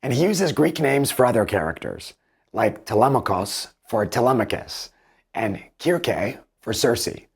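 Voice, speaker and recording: A man giving measured, analytical commentary as a book reviewer, comparing translations with animated emphasis. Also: medium pitch, vocal fry, breathy edge.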